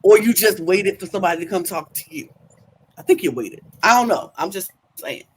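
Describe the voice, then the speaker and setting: A woman's voice: lowish voice, animated, fairly quick, a little hiss or hum. A woman co-hosting a podcast, with a sassy, dramatic ranting delivery. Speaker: co-host. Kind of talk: casual podcast chat.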